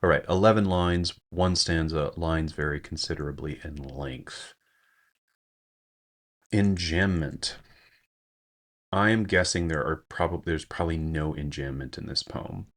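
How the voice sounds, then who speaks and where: This man's voice sits low, and he speaks at a normal pace. He gives a poetry lesson over screen share, thinking aloud with frequent fillers and self-corrections.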